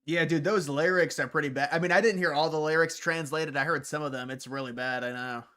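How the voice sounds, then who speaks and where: Man, livestream host, casual rambling chat, answers viewer comments, smooth clear voice. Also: a little high, fairly even intonation, brisk, pushed and bright.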